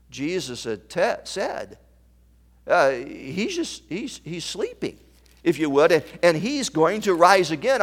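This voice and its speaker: A male pastor with a slightly high voice preaches a sermon in an unhurried, measured cadence. Quoting King James scripture, he swings between soft near-whispers and ringing emphasis.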